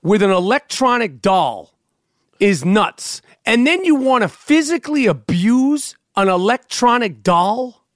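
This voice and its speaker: A man's voice: high voice, big pitch swings, unhurried, no room sound, clean studio sound. A man co-hosting a comedy podcast, ranting with profane disbelief in casual chat. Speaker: podcast co-host.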